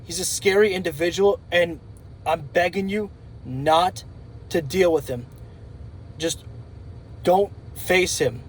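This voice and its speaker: An earnest male wrestler begging a friend to back down , as a man quotes him in his own high voice. The tone stays pleading and sincere. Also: slow, long pauses, a little hiss or hum.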